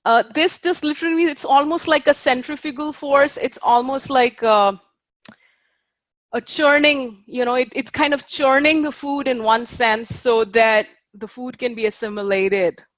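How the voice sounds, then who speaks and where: A woman's voice: sits high, measured pace, no echo. A woman teaching a class. She explains patiently with fillers, checks whether her students understand, and takes care over Sanskrit pronunciation. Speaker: Ayurveda teacher. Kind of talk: lecturing a class.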